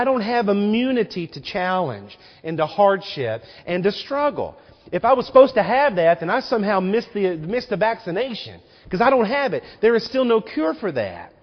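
Animated preaching man in a reverberant church. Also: high voice, moderate pace. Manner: animated preaching with rhetorical questions. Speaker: pastor. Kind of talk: sermon. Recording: muffled recording with long hall reverb.

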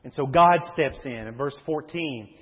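A man's voice: mid-range voice, moderate pace, slightly rough. A man preaching a sermon as a pastor, reading scripture aloud and explaining it to the congregation. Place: church sanctuary. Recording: dull recording in a reverberant hall.

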